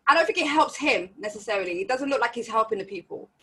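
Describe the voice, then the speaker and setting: Woman guest on a podcast, slightly high voice, opinionated, full of astrology talk. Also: expressive, quick pace, fairly bright tone, breathy edge, low-quality recording. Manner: opinionated, talks in astrology terms. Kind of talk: casual chat.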